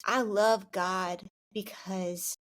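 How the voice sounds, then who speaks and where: A woman's voice: mid-range voice, fairly even intonation, extremely slow. Earnest, near-tearful young woman. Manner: earnest and emotional, casual with many "like"s. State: close to tears. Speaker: Christian vlogger. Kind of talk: heartfelt faith talk to camera.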